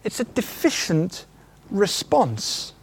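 A man's voice: high voice, slow pace, creaky, breathy edge. A man preaching a sermon, acting out quotes and asking the congregation questions. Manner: animated, acts out quotes, asks the congregation questions. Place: church.

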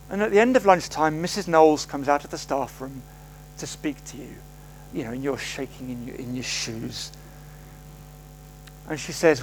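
A man's voice: high-pitched, animated, moderate pace, rough recording. A man preaching a sermon in a conversational storytelling manner, acting out the voices he quotes. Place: church service.

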